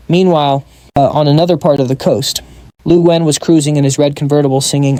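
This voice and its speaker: A man giving brisk scripted narration of a comic recap. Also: medium pitch, steady tone, warm tone, no echo.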